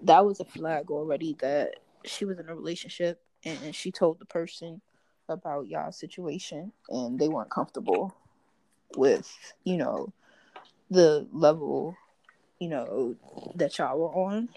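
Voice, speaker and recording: A woman's voice: sits low, unhurried, dark tone, low-quality recording. A woman co-hosting a podcast in casual chat, giving frank relationship advice. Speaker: podcast co-host.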